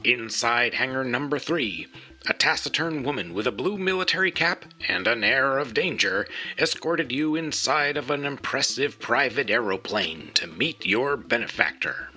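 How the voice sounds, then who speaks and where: A man reading a scripted story introduction in a dramatic, deliberate way. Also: mid-range voice, lively intonation, sharp tone, faint music behind. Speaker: narrator. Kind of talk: scripted narration.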